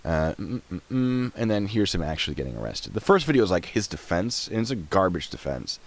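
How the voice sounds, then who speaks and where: A young man giving casual live-stream commentary, chatty and quick to laugh, often trailing off while he clicks around. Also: low-pitched, very animated. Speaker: streamer reacting to videos and chat.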